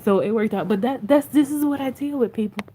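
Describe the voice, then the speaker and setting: A woman's voice: on the high side, fairly quick, dark tone, a little hiss or hum. A woman vlogger chatting to viewers over her phone, telling stories and laughing often. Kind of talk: casual chat to viewers on a phone stream.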